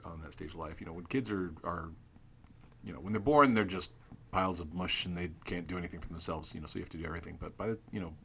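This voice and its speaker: A man's voice: sits low, quick pace, a bit bright, a little hiss or hum. A middle-aged man co-hosting a podcast, thoughtfully laying out his ideas in casual chat. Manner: thoughtful, explains ideas with filler and restarts. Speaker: podcast co-host.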